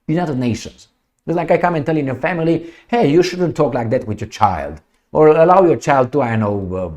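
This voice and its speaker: A man's voice: medium pitch, darkish tone. A man giving blunt, sarcastic, profane commentary as he reads a news article aloud. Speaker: political commentator.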